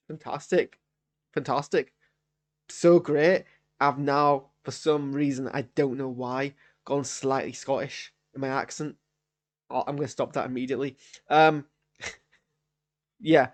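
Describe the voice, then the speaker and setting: A man's voice: mid-range voice, creaky. A young man giving a live reaction review of a TV episode, rambling, self-interrupting and often exasperated. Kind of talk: live post-watch reaction.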